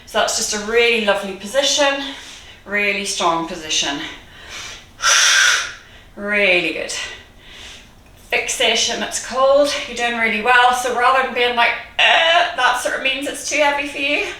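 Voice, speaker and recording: Breathless, bright-voiced woman fitness coach. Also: on the high side, normal speed, long pauses, far from the mic. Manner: encouraging, breathy between cues, laughs often. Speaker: kettlebell fitness instructor. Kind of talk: live online workout coaching. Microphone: video call. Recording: echoey room, voice a bit off-mic.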